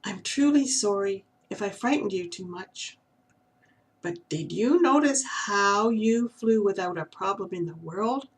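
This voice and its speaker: A woman reading aloud and voicing a wise old male owl who speaks in a gentle, instructive way. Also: medium pitch, lightly acted, rough recording.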